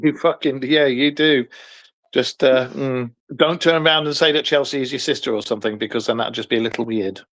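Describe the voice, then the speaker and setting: An English-accented man hosting a loose podcast chat, his pitch sitting in an ordinary middle range. He rambles from one thing to the next and swears without a second thought. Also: fairly even intonation, a little fast, a bit bright. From England. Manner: chatty, swears freely, rambles. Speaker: podcast host. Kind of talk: casual chat.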